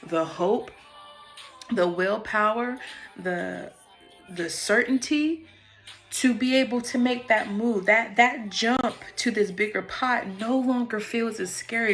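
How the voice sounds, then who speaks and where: A woman vlogger talks casually and frankly into her phone about meditation and personal growth, swearing freely in this spiritual monologue. Her voice is fairly high and a bit bright.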